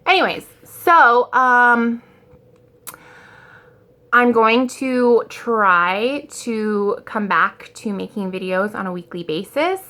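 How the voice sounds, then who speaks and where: A woman's voice: a little high, animated, slow, bright, forceful tone. A woman in her thirties talking casually in a rambling, self-deprecating vlog, full of ums and likes, and scatterbrained by her own account. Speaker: vlogger.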